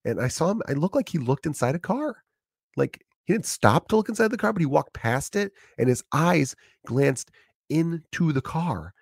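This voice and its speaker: A man's voice: a little high, expressive, normal speed, creaky, slightly rough, no echo, studio quality. A man in his thirties with a profane, rambling style in a casual comedic monologue.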